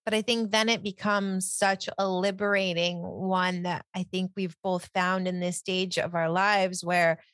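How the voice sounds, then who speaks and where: A woman's voice: on the low side, little pitch movement, unhurried, few pauses, a bit bright, no room sound. Chatty woman, dry close sound. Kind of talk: casual chat.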